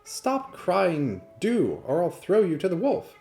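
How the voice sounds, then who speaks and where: A man's voice: sits high, huge pitch swings, slow, vocal fry, mellow, faint music behind, pitched above the performer's own voice, heavily acted. A man voicing a mother who scolds her crying child in a fable he reads aloud. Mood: scolding.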